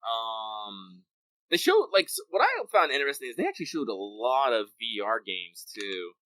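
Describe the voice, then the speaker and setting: Huge pitch swings mark this man's mid-range voice as he co-hosts a gaming podcast at a moderate pace. He rambles, curses, and leans on fillers, his tone sharp through a desk mic with no echo.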